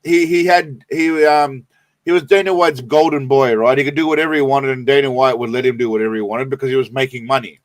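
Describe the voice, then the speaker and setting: A man's voice: mid-range voice, fairly even intonation, fast, no echo. A man casually commenting on clips during a live stream, rambling and swearing freely with many restarts.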